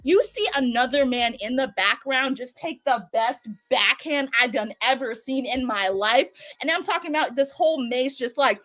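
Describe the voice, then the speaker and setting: A woman recapping a show in casual, profane, animated storytelling. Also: high voice, moderate pace, hardly any pauses, no room sound. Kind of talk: casual chat.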